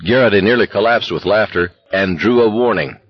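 A male narrator reads a novel in a steady, intense voice. His tone is very low and husky, with a dry, close sound. The recording itself is dull and lo-fi. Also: a little fast, no room sound. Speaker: audiobook narrator. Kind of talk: scripted narration.

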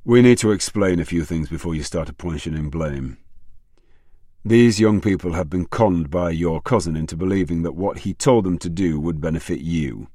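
A man narrating plays a police inspector in charge, firm and commanding. His deep voice sounds dry and close. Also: normal speed, dark tone, no room sound. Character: authoritative male police inspector.

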